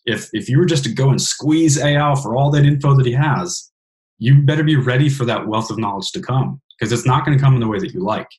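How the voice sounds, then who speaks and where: A man's voice: medium pitch, a little fast, a little mellow. A man hosting a podcast in casual interview chat, earnest and frank, swearing casually. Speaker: podcast host.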